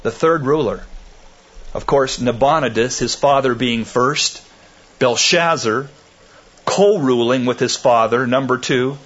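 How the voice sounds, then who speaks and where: Male preacher mid-sermon, slow and measured, bursts into loud dramatic emphasis, dull lo-fi tape. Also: medium pitch. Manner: slow, deliberate phrasing. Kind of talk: expository sermon.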